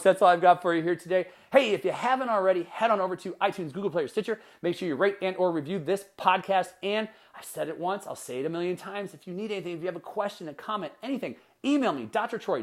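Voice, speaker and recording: A man hosting his own motivational podcast, talking with punchy energy and firing off repeated rhetorical questions. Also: on the high side. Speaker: podcast host and life coach.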